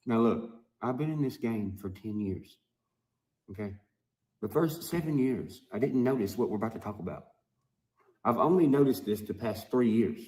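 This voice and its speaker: A man ranting to his video audience in a heated, profane monologue full of emphatic, drawn-out phrases. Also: medium pitch, mellow. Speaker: musician vlogger.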